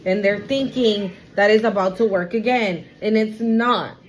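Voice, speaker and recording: A woman's voice: medium pitch, unhurried, rough recording. A woman giving a casual tarot reading to her viewers, blunt and profane, repeating her warnings for emphasis. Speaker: tarot reader.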